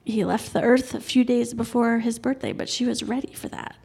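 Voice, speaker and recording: A woman telling a personal story on stage, lively and acting out the voices of the people in it. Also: a little high, a little fast, gravelly. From Colorado. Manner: lively, acts out the quoted voices.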